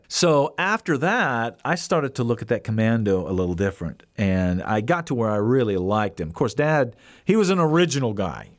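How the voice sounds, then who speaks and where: A man hosts a podcast and tells a casual story with animated swings of pitch, acting out the people he quotes. His voice sits mid-range for a man. The sound is dry and close, with no room echo. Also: moderate pace, few pauses. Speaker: podcast host.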